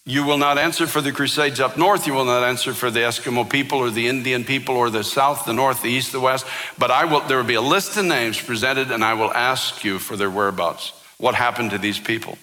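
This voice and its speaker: A man voicing God in a sermon, speaking softly, tenderly and measured. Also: medium pitch, in a large hall, lightly acted. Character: tender voice of God, calm and gentle.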